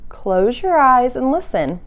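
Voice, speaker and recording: A woman voicing a patient, knowing bat who calmly explains things, while reading a picture book aloud. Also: high voice, measured pace, full character voice. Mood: explaining.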